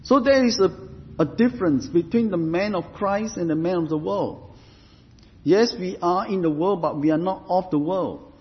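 A man preaching a sermon in a slow, measured way, often repeating phrases as he builds a point. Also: high-pitched. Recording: dull sound with long hall reverb.

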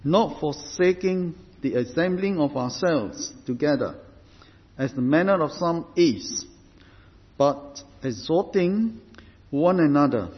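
A man preaching a sermon as pastor, deliberate and emphatic, stressing points through repetition. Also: fairly high pitch. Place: church. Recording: reverberant hall, dull lo-fi sound.

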